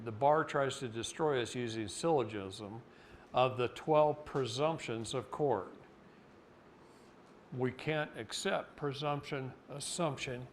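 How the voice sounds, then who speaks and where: A man's voice: fairly bright tone, slight background noise. Man from Oregon, mid-range voice, blunt folksy seminar lecturer who acts out his stories. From Oregon, United States. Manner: folksy and blunt, acts out quotes with jumps in pitch. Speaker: seminar speaker. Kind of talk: lecture mixed with storytelling.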